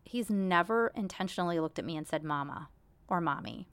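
A woman's voice: fairly low pitch, expressive, fairly quick, a bit bright, clear, resonant tone, dry recording. A woman in her thirties hosting a casual solo podcast, talking candidly in a chatty, self-deprecating way. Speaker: podcast host.

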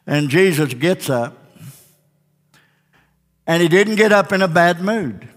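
A male pastor preaching a sermon with passion, swinging between loud declarations and quiet lines. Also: sits high, expressive, slow pace, in a large hall.

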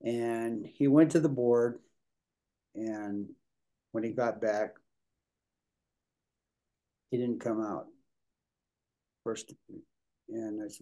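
An older man, an Episcopal priest, answering interview questions in a halting way, repeating words and leaning on fillers. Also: mid-range voice, steady tone, dark tone. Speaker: Episcopal priest, prison minister.

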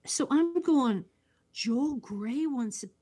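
A woman co-hosting a casual film chat, agreeable and unhurried, often trailing off mid-thought. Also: sits high, expressive, warm tone, husky. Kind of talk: casual chat about films.

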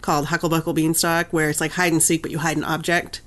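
A woman's voice: low-pitched, fast talker. A woman in her thirties co-hosting a podcast, telling family stories in a casual chat and acting out her children's voices. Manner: animated storyteller, acts out her kids' voices. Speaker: podcast co-host.

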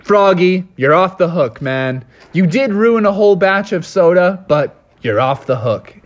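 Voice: mid-range voice, animated, a little slow, natural voice. An adult storyteller voicing a grumpy, pompous facility owner who scolds.

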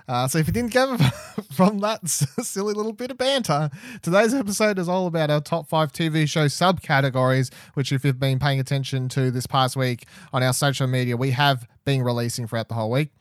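A man's voice: fairly high pitch, brisk, hardly any pauses, no echo, clean studio sound. A man hosting a podcast in casual, chatty talk, often laughing. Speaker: podcast host.

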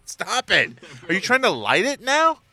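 A man with a fairly high, bright, sharp voice riffs through crude podcast banter. He swears freely, laughs often and swings his pitch all over the place. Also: huge pitch swings, moderate pace. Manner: joking, profane, laughs often.

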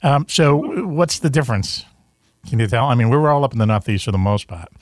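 A man with a Boston accent hosts a loose chat show over a video call. He rambles, laughs at his own slips and fills gaps with "uh". His voice sits at a middling pitch, and the sound is dry and close. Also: lively intonation, a little fast, dry recording. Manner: rambling, self-deprecating, full of fillers. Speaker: host. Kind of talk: casual chat.

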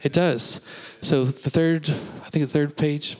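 A man preaching a sermon as pastor, talking earnestly and conversationally, then leading slow, deliberate confessions for the congregation to repeat. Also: a little high, steady tone, darkish tone. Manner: leads slow call-and-response confessions.

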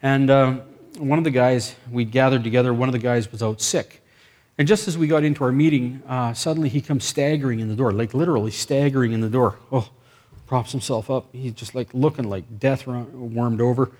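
Animated male preacher. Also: mid-range voice, fairly quick. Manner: animated anecdote with acted dialogue and bursts of excitement. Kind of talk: sermon storytelling.

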